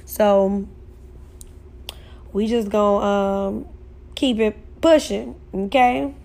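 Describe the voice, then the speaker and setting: A woman's voice: medium pitch, steady tone, extremely slow, creaky, dark tone. A young woman hosts her podcast in casual chat. She reads listener messages aloud and talks through them in a loose, emotional way, laughing easily as she reacts. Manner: emotional, laughing, colloquial and chatty. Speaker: podcast host.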